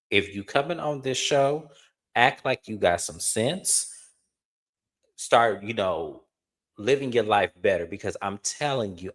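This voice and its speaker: A young man, co-hosting a casual reality TV recap and swooping up into high incredulous exclamations. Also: fairly bright tone. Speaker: co-host.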